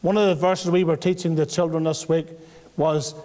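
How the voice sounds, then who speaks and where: A man's voice: a little high, level tone, moderate pace, mellow. A man with a Northern Irish accent preaching an evangelistic testimony in church, earnest and pleading, with homely everyday examples. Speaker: visiting preacher. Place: church hall. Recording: long church reverb.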